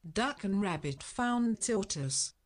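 Slow, deliberate woman reading a children's story. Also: medium pitch, expressive. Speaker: storybook reader.

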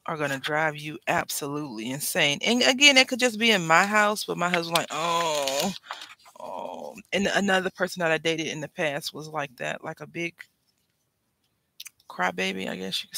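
A woman's voice: low-pitched, gravelly, pushed and bright, a little hiss or hum, poor audio. A woman chatting casually while she works on a craft project, rambling and wryly complaining in an easygoing way.

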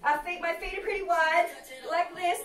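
Sassy high-voiced Australian woman coaching workout. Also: flat delivery, normal speed, fairly bright tone, far from the mic. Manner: sassy, cheeky, bouncy coaching. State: moving while exercising. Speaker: fitness instructor. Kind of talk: comedic workout class livestream. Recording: roomy, off-mic, music behind. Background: workout music.

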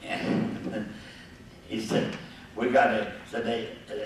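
An older man, a guest storyteller at a gathering, spins a rambling, folksy tale for a live group, chuckling and acting out the voices of its characters. His fairly low voice moves slowly with little pitch variation. The room is echoey, he's far from the mic, and there's faint noise.

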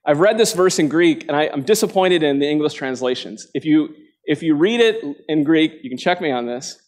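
A man with a somewhat higher voice preaches a sermon before a live congregation. He talks earnestly, asking his listeners direct questions. When he acts out quotations, his voice jumps sharply in pitch. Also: lively intonation, brisk.

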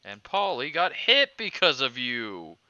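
A man chatting and joking while playing a video game with a friend, lively and playful. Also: medium pitch, measured pace, muffled recording, slight background noise. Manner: animated, laughing, swears playfully. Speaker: let's play gamer. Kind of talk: casual gameplay chat.

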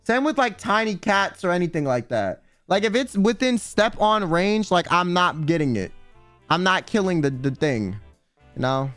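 Brief: male streamer, high and bouncy voice, smooth and dry, rambling profane chat over faint music. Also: normal speed, no room sound. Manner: rambling, profane, heavy use of "like"; animated, dramatic emphasis. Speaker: livestream host.

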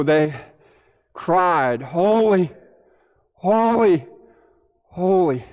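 A man pastor preaching a sermon to his church, animated, repeating words and swinging between loud and hushed. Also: high-pitched, low-quality recording.

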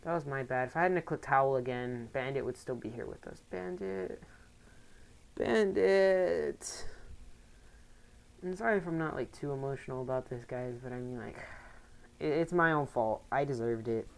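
A woman giving casual let's play commentary, rambling with excitable outbursts. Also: extremely low pitch, a little fast. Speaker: gaming commentator.

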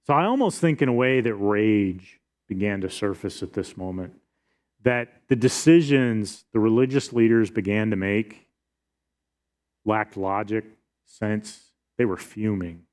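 A man's voice: lowish voice, a little slow, a little mellow. A pastor, a middle-aged man, preaching a sermon and reading scripture aloud in an earnest, explanatory way.

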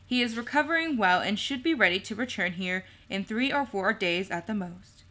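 A woman reading the part of a tall, grave male elf who speaks in calm, measured, formal tones. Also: medium pitch, lightly acted.

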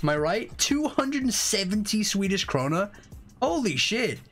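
A young man hosting a live game stream, chatting casually, excitable and swearing freely with rambling restarts. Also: high voice, normal speed, soft background music.

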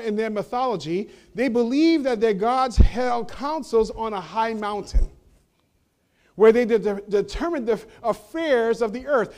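A man preaches to his congregation inside a church sanctuary, tossing out rhetorical questions. His delivery alternates between forceful, booming emphasis and soft, hushed passages.

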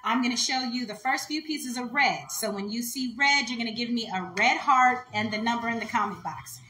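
A woman's voice: a little high, a little fast, bright, forceful tone, echoey room, slight background noise, rough recording. A woman hosting a jewelry live stream, talking to viewers in a heartfelt, chatty way. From United States. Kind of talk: casual live-stream talk.

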